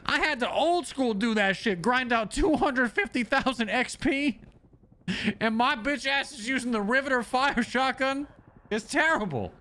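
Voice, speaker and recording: A young man streaming a game, ranting in a fast, profane, stammering way. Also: extremely high pitch, sharp tone. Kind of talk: profane live-stream rant.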